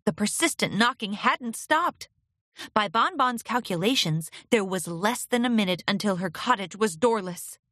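A woman narrating a pony fan fiction story aloud in a steady, expressive storytelling manner. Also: medium pitch, normal speed, no room sound, clean studio sound.

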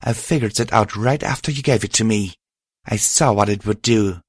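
A man's voice: lowish voice, moderate pace, slightly rough, dry recording. Storybook heroine: man voicing a defiant, strained young unicorn mare, dry close sound.

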